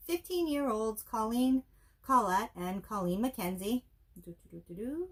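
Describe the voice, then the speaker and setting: A woman co-hosting a casual movie review show, with wry, dry joking asides. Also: on the high side. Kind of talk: casual chat.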